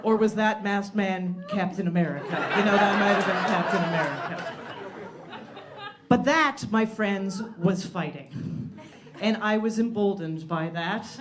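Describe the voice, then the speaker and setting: A woman telling a stand-up story with wry, deadpan asides. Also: a little high. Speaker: stand-up comedian. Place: comedy stage before a live audience. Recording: live crowd laughter behind.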